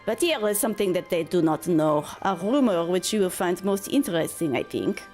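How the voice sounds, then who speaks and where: A woman's voice: lowish voice, expressive, a little fast, darkish tone, faint music behind, lightly acted. A woman putting on an oily mock-French informant. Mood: oily, sly. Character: sly fawning male informant, greedy and evasive. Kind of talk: reading game dialogue aloud.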